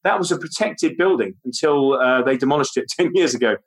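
A man with a London accent, chatting casually as a guest, animated and rambling. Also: mid-range voice, a little fast. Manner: animated, rambling, does impressions. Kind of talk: casual interview chat.

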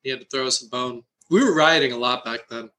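Bright-voiced young man joking. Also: medium pitch, quick pace, a little hiss or hum. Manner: joking, gives mock advice. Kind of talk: casual chat among friends.

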